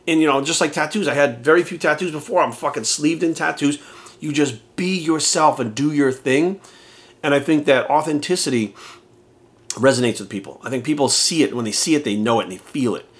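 A man's voice: a little high, a little fast. Blunt, profane man telling a fired-up story. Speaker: fitness coach and YouTuber. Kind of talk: unscripted motivational story to camera.

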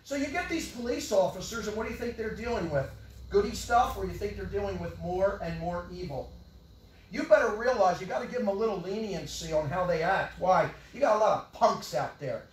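An older man preaching a sermon with great passion, swinging from loud yelling to low mutters. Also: expressive, brisk, slight background noise. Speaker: pastor. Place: church hall. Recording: echoey church hall, from far off.

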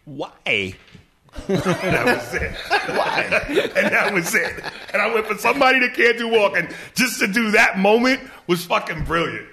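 A man talking as a podcast guest in casual chat, animated and laughing as he trades movie impressions. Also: high-pitched, measured pace, vocal fry, background noise.

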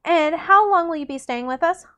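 A woman's voice: very high voice, moderate pace, pushed and bright, lo-fi sound, pitched above the performer's own voice. A woman reading aloud the lines of a haughty, scheming young court lady in a coy, sugary manner.

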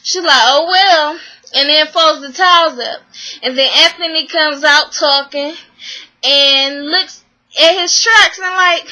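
Casting note: woman, high bright voice, slow unhurried delivery, slangy exasperated show recap. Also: rough recording. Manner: animated, exasperated, acts out the people she quotes; slangy, swears freely. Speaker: vlogger recapping a reality show. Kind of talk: casual recap and commentary.

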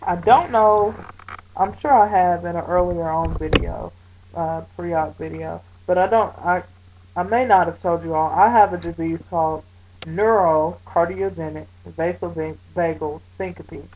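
A woman talking casually to her camera, chatty and animated, with many fillers as she retells her day. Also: lowish voice, a little slow, narrow, tinny audio, a little hiss or hum. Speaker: vlogger.

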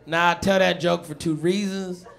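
Brash high-voiced male comic. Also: steady tone, normal speed, vocal fry. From Atlanta, USA. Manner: brash, cocky, crowd-teasing. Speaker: stand-up comedian. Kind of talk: stand-up set. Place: comedy stage. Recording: live club with loud crowd and noise.

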